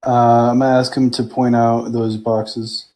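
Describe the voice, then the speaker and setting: A man's voice: medium pitch, little pitch movement, a little slow, dark tone. A man playing a tabletop game, talking in a casual, blunt way with fillers. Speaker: player.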